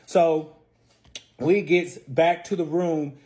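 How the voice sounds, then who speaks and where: Man, casual storytime vlogger, loud bursts then muttered asides, swearing freely. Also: a little high, slow pace. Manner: animated, profane, swings loud and soft.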